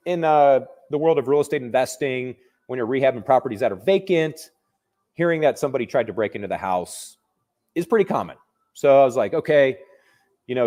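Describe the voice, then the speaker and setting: Man, mid-pitch, real estate investor, casual storyteller, conversational with fillers. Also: darkish tone. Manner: conversational, restarts and fillers, vivid retelling.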